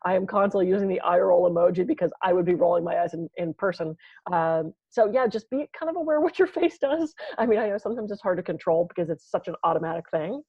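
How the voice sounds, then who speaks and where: A woman's voice: on the low side, expressive, fast talker, slightly rough, dry recording, phone-quality sound. A woman co-hosting a podcast, telling sarcastic jokey stories in casual chat. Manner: joking, sarcastic storyteller. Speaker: podcast co-host.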